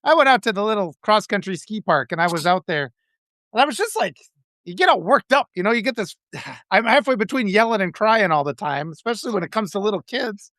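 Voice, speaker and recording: A man's voice: high voice, expressive, a little fast, a bit bright, no room sound, studio quality. Emotional rambling man hosting a talk. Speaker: host. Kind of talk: casual live video chat.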